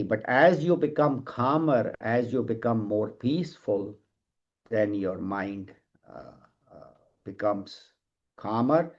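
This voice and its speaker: A middle-aged man teaches a scripture class in a calm, explanatory way, with the odd light joke. His voice is of middling pitch. The recording is dull and lo-fi. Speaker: spiritual teacher. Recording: dull lo-fi sound.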